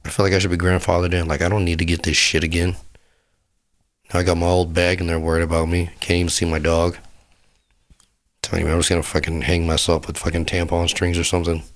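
A man's voice: low voice, completely flat delivery, fast. A sick man with a sore throat, rambling crudely and profanely as a podcast host. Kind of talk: rambling casual monologue.

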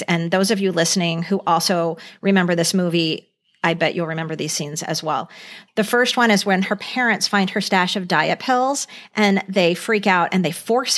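A middle-aged woman talking through an old TV movie on a podcast, earnest and chatty, with frequent fillers. Her pitch sits in an ordinary middle range. She sounds like someone sharing a lasting memory with a friend. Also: fairly bright tone. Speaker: podcast co-host. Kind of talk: casual chat, recounting a movie.

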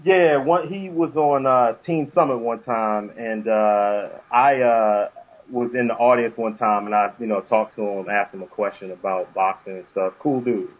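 A man guest in casual podcast chat, low-key, trailing off. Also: normal speed, narrow, tinny audio.

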